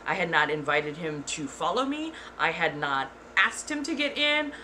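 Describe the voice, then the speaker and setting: Bright-voiced woman telling a casual story. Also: lowish voice, normal speed, slight background noise. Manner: animated, swears freely, exclaims. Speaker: ASMR channel host.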